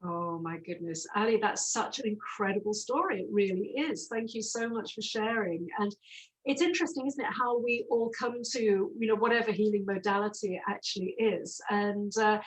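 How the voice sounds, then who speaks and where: A woman's voice: mid-range voice, normal speed, low-quality recording. Effusive woman hosting an interview. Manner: effusive, encouraging, many fillers. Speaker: interview host. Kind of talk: interviewer on a video call. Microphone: video call.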